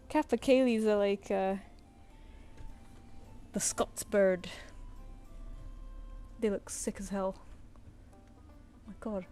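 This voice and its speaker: A woman's voice: medium pitch, slow, pauses often, warm tone, soft background music. A woman artist chatting casually on a live stream while she draws, muttering and counting under her breath.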